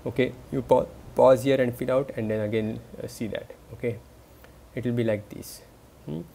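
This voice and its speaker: A man's voice: mid-range voice, fairly even intonation, normal speed, gravelly, dark tone, a little hiss or hum. A man giving a recorded university lecture, talking students through examples hesitantly, with many fillers and restarts. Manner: explanatory, addresses students directly.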